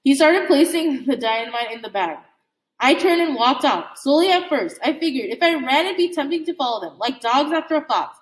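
A woman reading a novel aloud in a halting way, with slips and restarts. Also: high voice, lively intonation. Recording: echoey room.

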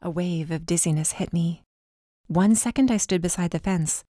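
A woman reading a first-person dark fantasy story as audiobook narrator, with tense, urgent delivery. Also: fairly low pitch, moderate pace, no echo, studio quality.

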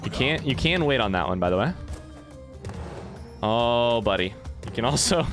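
A young man casually commenting while he plays a game and chats with viewers, breaking into yelps and shouts when things go wrong. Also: mid-range voice, normal speed, over music. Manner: excitable, swings into yelps and shouts at failures; chatty with chat, reads messages aloud. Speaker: streamer playing a game. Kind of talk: casual let's play commentary.

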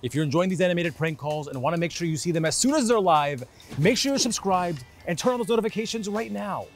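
A man's voice: sits high, expressive, quick pace, faint music behind. A man hosting the show, narrating in an upbeat scripted manner straight to viewers. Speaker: show host.

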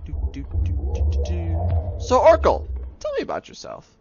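A man's voice: on the high side, wildly swooping pitch, normal speed, creaky, crowd noise. A young man casually commenting on a horror game as he plays, joking and talking to a monster as if it were a pet dog. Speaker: gaming video host. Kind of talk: let's play commentary. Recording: dull lo-fi sound with background noise.

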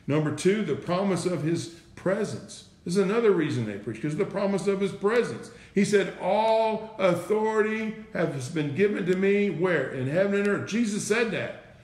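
Guy preaching, kinda high voice, keeps saying right? and listen, lots of echo. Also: expressive, moderate pace, darkish tone. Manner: repeats himself, asks rhetorical questions, says "right?" and "listen". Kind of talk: informal sermon. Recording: echoey room.

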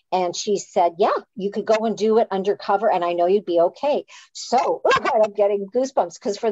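Animated woman telling a story. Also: medium pitch, no echo. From Canada. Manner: animated, self-deprecating, frequent restarts. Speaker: author and playwright. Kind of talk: casual storytelling on a live chat. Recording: dull, dry sound.

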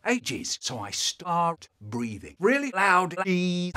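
A man spins a comic monologue in a bright, fairly high voice. His pitch leaps all over the place, and his loudness lurches from sudden shouts down to quiet mumbling. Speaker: comic storyteller.

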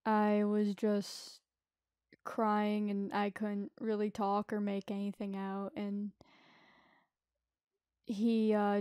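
A woman's voice: mid-range voice, mellow, no echo, clean studio sound. A woman telling a painful personal story, hesitant and emotional, often stopping and restarting her sentences. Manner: halting, hesitant, many restarts. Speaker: vlogger.

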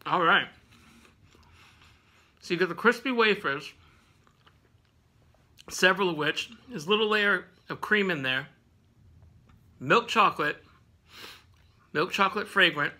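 A man's voice: sits high, a little slow, pauses often, sharp tone. A man hosting a casual snack review vlog at home, rambling with lots of fillers and laughing often.

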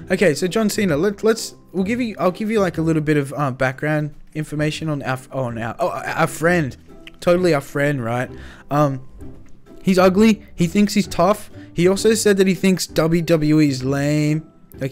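Young male roleplay host, slangy and hyped, voice on the high side, faint music underneath. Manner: excitable, slangy, quick shifts between shouting and muttering. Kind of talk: improvised game roleplay.

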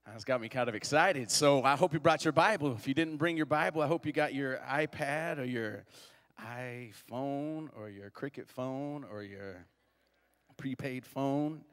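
A man's voice: medium pitch, unhurried, fairly bright tone, long reverb tail. A young man preaching a sermon in a church, joking with the congregation and leading call-and-response. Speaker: guest preacher. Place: church sanctuary.

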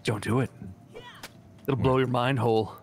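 A man co-playing a game on a stream, chatting casually in a goofy, teasing way with bursts of high laughter. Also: steady tone, normal speed, gravelly. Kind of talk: casual gaming chat.

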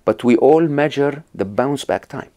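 This middle-aged Egyptian man has a medium-pitched, dark voice and a measured pace. As a guest in a conversational podcast interview, he tells stories and explains ideas, frequently restarting and checking in with phrases like "right?"

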